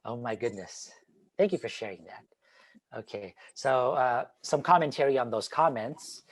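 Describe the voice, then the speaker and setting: A man giving an online talk on teaching, animated and demonstrative, swinging between loud and quiet. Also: medium pitch, normal speed, breathy edge. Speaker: teacher trainer. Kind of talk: online presentation. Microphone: video call.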